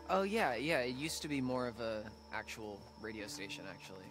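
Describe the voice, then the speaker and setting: An actor playing a laid-back young camp counselor in a video game, rambling casually. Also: male voice, medium pitch, sing-song, fairly quick, over music, lightly acted, low-quality recording.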